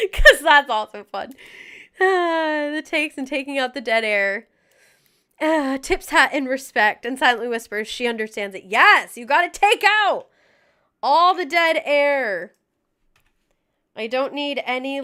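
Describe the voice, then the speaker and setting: A woman's voice: high voice, pushed and bright. A young woman chatting casually with her livestream viewers, out of breath, laughing often and joking at her own expense. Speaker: music streamer.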